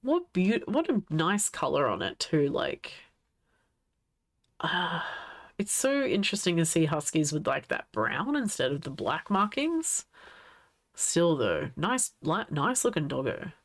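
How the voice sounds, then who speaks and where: A woman livestreamer in easy, casual commentary, gushing and giggling as she talks to the screen. Her voice sits a little low, yet it swoops up and down a great deal. She takes her time, letting each thought unhurriedly stretch out. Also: big pitch swings, unhurried. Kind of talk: casual live-stream commentary.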